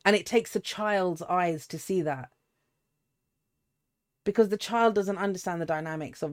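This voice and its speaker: A woman's voice: on the low side, normal speed, a little mellow. A woman, giving a casual, rambling tarot reading full of asides and restarts. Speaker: tarot reader.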